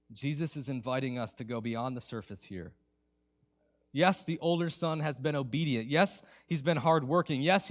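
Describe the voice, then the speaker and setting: A man preaching a sermon as pastor in a church, conversational and animated, swinging between hushed passages and emphatic ones. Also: medium pitch.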